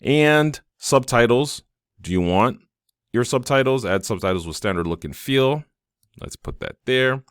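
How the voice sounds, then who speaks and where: A man hosting a screen-recorded software tutorial, talking casually and enthusiastically, thinking aloud with fillers. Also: medium pitch, animated, unhurried, clean tone, no room sound, clean studio sound. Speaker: tutorial host.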